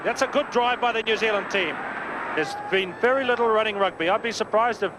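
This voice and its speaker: A man giving brisk live rugby play-by-play commentary, lifting his voice on big plays, from a worn old videotape broadcast. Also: high voice. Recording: worn old VHS broadcast with crowd noise.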